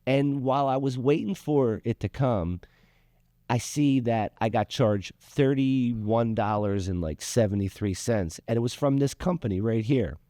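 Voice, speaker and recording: A man's voice: mid-range voice, a little slow, mellow, no room sound, studio quality. A man hosting a talk show, telling a heated, profane story in casual chat. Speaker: show host.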